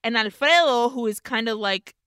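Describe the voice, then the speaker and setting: A woman co-hosts a casual podcast, telling a film's story with animated energy and dropping in Spanish phrases. Her voice is bright and smooth, and the recording is close and dry. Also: a little high, moderate pace, dry recording. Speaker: podcast co-host. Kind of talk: casual chat retelling a film plot.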